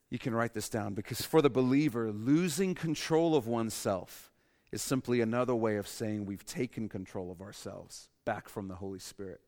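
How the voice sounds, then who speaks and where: Male pastor, sermon, animated, humorous asides, loud emphasis, long church-hall reverb. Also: mid-range voice.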